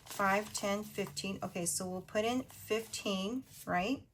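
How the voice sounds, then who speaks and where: Chatty lady counting cash for her budget vlog, voice a bit hoarse, faint hiss behind. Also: mid-range voice. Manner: chatty, counts money out loud, quick asides. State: voice going hoarse. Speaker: budgeting video host. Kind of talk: casual chat while counting cash.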